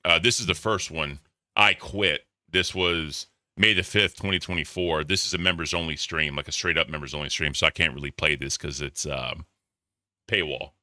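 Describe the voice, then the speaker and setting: A man hosting casual commentary, offhand and opinionated, often trailing off into quiet mutters. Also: very deep voice, steady tone, moderate pace, no room sound, studio quality. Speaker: commentary host.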